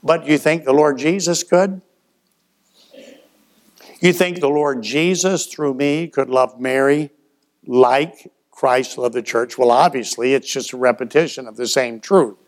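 A man's voice: medium pitch, a little slow. A man preaching a sermon in a folksy storytelling way, acting out little dialogues and letting his voice rise and drop. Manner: folksy storytelling with acted-out dialogue and shifts in loudness. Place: church.

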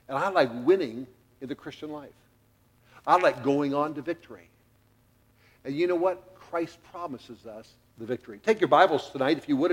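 A middle-aged man preaching a sermon in a church, telling a family story with jokes and acting out the quotes. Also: mid-range voice. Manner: animated, jokey, acts out quotes. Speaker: pastor.

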